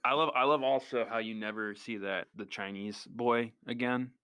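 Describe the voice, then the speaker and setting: A man co-hosting a podcast in casual chat, animated and jokey, often acting out quotes from the film. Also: medium pitch, normal speed, smooth, dry recording. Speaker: podcast co-host.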